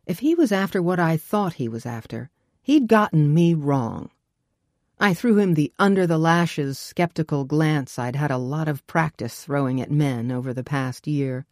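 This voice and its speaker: A woman reading a first-person novel aloud as an audiobook narrator, wry and brisk. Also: sits low, animated, a little mellow, no echo, clean studio sound.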